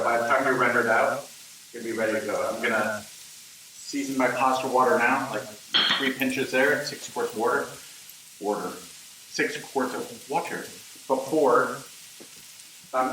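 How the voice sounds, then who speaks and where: A man's voice: medium pitch, a bit bright, recorded from a distance, a little hiss or hum. A male chef hosts a loose, joking cooking demonstration, full of asides. He sounds set back from the mic in a roomy kitchen, with faint frying sizzle underneath. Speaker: chef hosting a home cooking video.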